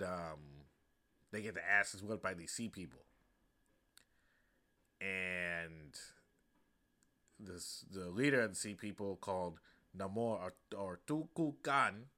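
Bright-voiced man recapping a film. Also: on the low side. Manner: profane, slangy, animated retelling. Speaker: podcast host. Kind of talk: casual comedic movie recap.

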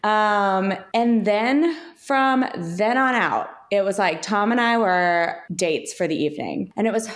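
Lively woman telling a story. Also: medium pitch, unhurried, hardly any pauses. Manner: animated storyteller, acts out quoted lines. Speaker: podcast co-host. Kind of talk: casual storytelling chat.

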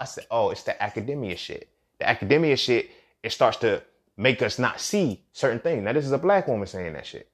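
Profane, animated man talking a solo podcast. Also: medium pitch, moderate pace. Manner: profane, animated street slang, repeats phrases. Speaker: podcast host. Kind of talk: casual monologue.

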